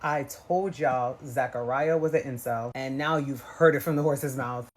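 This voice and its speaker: A woman's voice: rumbling low, normal speed. A woman giving casual, blunt and gossipy reaction commentary on a dating show, often slipping into the voices of the people she quotes. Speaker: reality TV commentator.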